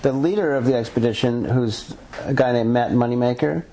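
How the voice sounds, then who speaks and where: A man's voice: medium pitch, a little fast, mellow, poor audio. A man being interviewed as an author and researcher, talking earnestly and rambling with frequent restarts. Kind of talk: conversational interview.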